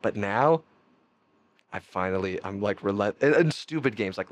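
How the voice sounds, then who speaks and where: A man's voice: moderate pace, no echo. A man, a podcast guest telling rambling stories in casual chat with frequent laughs. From Canada. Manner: animated, rambling storytelling with frequent laughs and pitch jumps.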